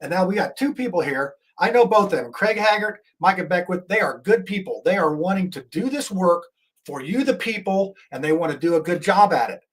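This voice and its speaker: A man on a talk show vents about the news in an indignant, rambling way. He keeps restarting his sentences. His voice sits a little high for a man. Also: animated, brisk, husky. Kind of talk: political commentary.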